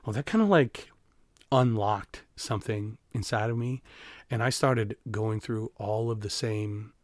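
A man in his forties from Iowa talks openly as a podcast guest, halting and reflective, circling back through fillers and restarts. His voice sits low. The studio mic sound is close and dry. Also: no room sound. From Iowa, USA. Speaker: guest, band teacher. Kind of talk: candid personal interview. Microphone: studio podcast microphone.

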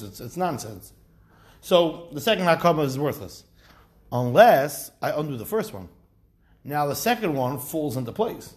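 A man teaching a lively study class, explaining step by step with rhetorical questions and acted-out quotes. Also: fairly high pitch. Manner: animated, asks rhetorical questions, acts out quotes. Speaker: Talmud teacher.

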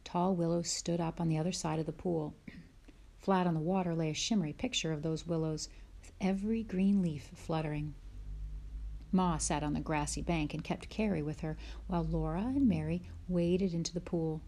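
Woman storybook reader, low warm voice, gentle, whispers at tense moments. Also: fairly even intonation, normal speed, gravelly. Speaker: narrator. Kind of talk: reading a children's book aloud.

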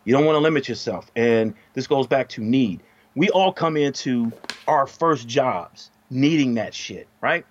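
A middle-aged man telling a story in casual podcast chat, profane and animated, his voice jumping up when he gets heated. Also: mid-range voice, a little slow, muffled recording, a little hiss or hum. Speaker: podcast co-host.

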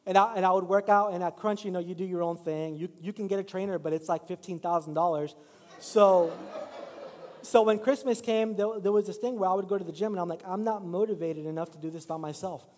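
A middle-aged man preaching to his church in a high, light voice. He tells loose, self-deprecating stories, then builds into emphatic exhortation. His voice rings out with a long hall reverb. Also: steady tone, fairly quick, darkish tone, slight background noise. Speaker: pastor. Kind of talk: sermon. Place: church sanctuary.

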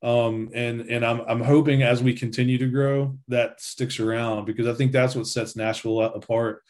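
A man answers questions as an interview guest in a plain, mid-pitched voice. He talks in an easygoing, rambling way, with lots of fillers. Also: little pitch movement, normal speed, a little mellow. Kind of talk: casual interview chat.

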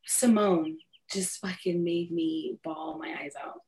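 A woman's voice: fairly low pitch, steady tone, slow, darkish tone. A woman co-hosting a podcast in casual, emotional chat, swearing freely and talking with feeling. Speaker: podcast co-host.

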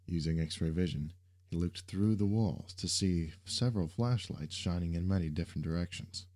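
A man with a deep, dark-toned voice reads a story aloud. He narrates at a steady storytelling pace, and his delivery stays mellow and even. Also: normal speed. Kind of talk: audiobook narration.

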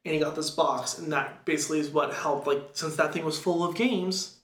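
A man with a slightly high voice chats through a film's story in a loose, rambling way, full of fillers and quick quoted bits. The sound is roomy and echoey. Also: fairly even intonation, a loud crowd. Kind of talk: casual chat recapping a film. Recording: echoey room.

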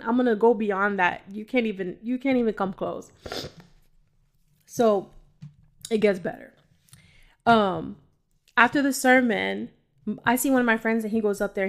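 Emotional woman sharing her faith story. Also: medium pitch. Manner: emotional, rambling, talks straight to listeners. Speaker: podcast host. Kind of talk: personal faith testimony podcast. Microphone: audio-only home recording.

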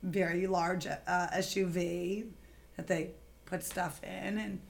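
A woman's voice: lowish voice, fairly even intonation, slow, vocal fry. A middle-aged woman telling a rambling anecdote in casual podcast chat. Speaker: podcast co-host.

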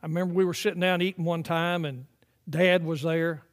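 High-voiced older preacher, emphatic swells. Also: male voice, steady tone. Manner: emphatic preaching that swells to loud peaks, then drops to quiet, drawn-out phrases. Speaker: pastor. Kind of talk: sermon. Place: church sanctuary.

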